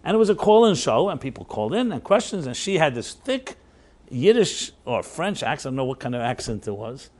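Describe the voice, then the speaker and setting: A man's voice: mid-range voice, big pitch swings, fairly quick, darkish tone. A man, a rabbi, telling a story to a workshop audience in a loose conversational way, full of fillers, chuckles and tag questions. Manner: anecdotal, chuckling, filler-heavy.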